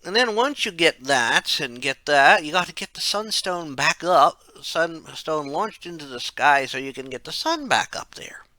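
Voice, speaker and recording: A man's voice: fairly high pitch, animated, a little slow, few pauses, pushed and bright, dry recording. A man narrating a casual game retrospective, rambling, correcting himself and dropping wry asides. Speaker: game reviewer.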